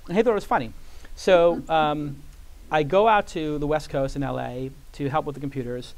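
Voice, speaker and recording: This guest, a man with a somewhat high, gravelly voice at normal speed, tells a lengthy story during an interview recorded live with an audience. He performs the quoted voices with animation and scatters "like" throughout.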